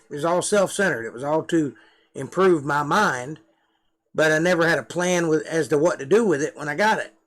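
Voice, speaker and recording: A man's voice: a little high, fairly bright tone. A middle-aged man with a Georgia Southern drawl, rambling and self-deprecating in casual live-stream chat to camera. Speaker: live-stream host, musician.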